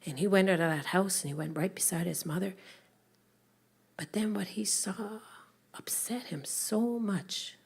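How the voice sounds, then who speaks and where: A woman telling a story to families, animated, swinging between whispers and loud calls. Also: mid-range voice, a little slow, creaky, breathy edge.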